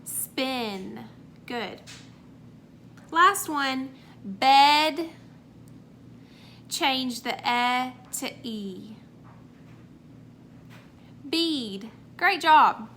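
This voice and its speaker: Woman teacher, high bright voice, slow careful sounding-out for small kids, light background hum. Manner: slow, clear sounding-out of words; encouraging praise after each answer. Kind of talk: remote phonics lesson for young children.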